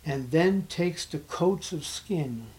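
Dramatic, slow-talking male preacher. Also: on the high side, lively intonation, breathy edge. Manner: dramatic swings from loud scripture reading to hushed emphasis. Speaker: pastor. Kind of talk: sermon.

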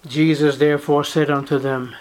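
Delivering a sermon at normal speed, this male preacher has a fairly high voice and a flat delivery. He stays emphatic, repeats himself often, and relies on rhetorical questions to make his case.

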